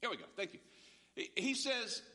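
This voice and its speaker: A bright, high-voiced man in his fifties preaches in a church hall, and long reverb trails after each phrase. He talks in a conversational way and often stumbles over repeated words as he starts a thought. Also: expressive, normal speed. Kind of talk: sermon.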